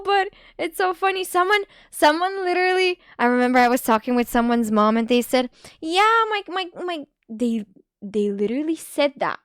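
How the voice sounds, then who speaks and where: A woman streamer chatting casually on a live stream, giggly and quick with asides, leaning on "like" a lot. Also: fairly high pitch, clear, resonant tone, dry recording, clean studio sound.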